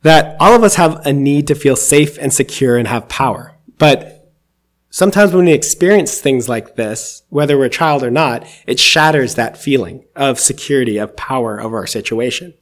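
A man's voice: mid-range voice, normal speed. A man giving a conversational, reflective sermon, reading scripture aloud and explaining it with occasional fillers. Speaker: preacher.

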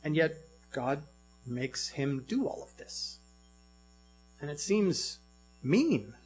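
A man's voice: a little high, sing-song, takes it slowly, a little mellow, faint music behind. A man preaching a sermon in a reflective way, asking many rhetorical questions.

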